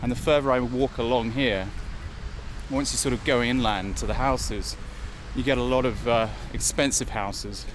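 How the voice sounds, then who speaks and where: A man's voice: medium pitch, fairly even intonation, normal speed, slight background noise. A man from England talking in a rambling, opinionated monologue while walking along a beach for his vlog. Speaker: vlog host. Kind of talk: casual walk-and-talk vlog. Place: outdoors on a beach.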